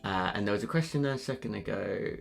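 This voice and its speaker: Man, Scottish accent, very deep voice, gravelly, chatty livestream art tutorial, banters with viewers. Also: fast. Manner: chatty, joking, answers viewers' questions while working. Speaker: livestreaming digital artist. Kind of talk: live digital painting tutorial with chat banter. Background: faint background music.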